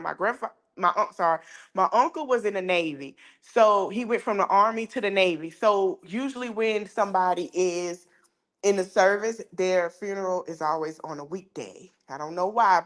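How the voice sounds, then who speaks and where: Woman telling a story with speech. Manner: animated, rises high when excited. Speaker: podcast host. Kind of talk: casual storytelling.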